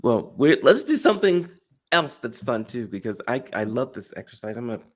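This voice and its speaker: A man hosting an interview show, enthusiastic and chatty, quick to laugh. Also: mid-range voice, big pitch swings. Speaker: show host. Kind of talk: casual interview chat.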